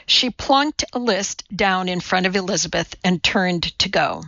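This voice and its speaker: A woman narrates an audiobook with a measured, expressive delivery. Her voice is bright and crisp, and her pace is slow. The recording is dry and a little dull. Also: fairly low pitch, dry recording. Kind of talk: scripted narration.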